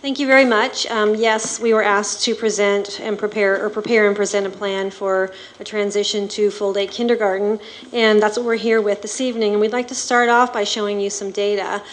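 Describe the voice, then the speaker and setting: Woman, district administrator, measured, explanatory, presenting slides. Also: mid-range voice, steady tone.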